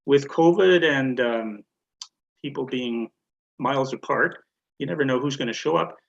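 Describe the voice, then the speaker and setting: An older man telling a story on a church video call, measured and deliberate. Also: mid-range voice, creaky, muffled recording. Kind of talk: casual storytelling.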